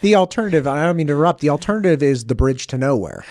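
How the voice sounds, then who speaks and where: A man in his forties hosting a podcast interview, talking in a casual, animated way with rambling tangents and lots of fillers. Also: fairly high pitch, rapid-fire, no room sound, studio quality. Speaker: podcast host.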